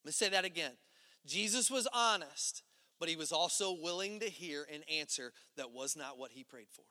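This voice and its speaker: A man preaches a sermon with a high, bright voice that rings out in a church hall with a long reverb. He talks to the congregation conversationally, pushing some lines out loud and dropping others to a low hush. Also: animated, moderate pace. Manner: conversational preaching, swinging between loud emphatic and hushed low delivery. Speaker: pastor.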